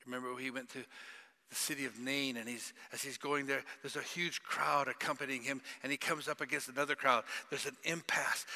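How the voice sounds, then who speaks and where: A man preaching a sermon, dramatic, swinging between loud cries and hushed whispers. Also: medium pitch, little pitch movement, a little fast. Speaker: pastor. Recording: long reverb of a large hall.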